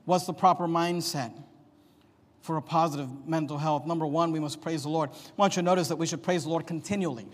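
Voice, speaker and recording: A man preaching a sermon as pastor, emphatic, swinging from quiet to loud. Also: on the high side, fairly even intonation, fairly quick. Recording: long hall reverb.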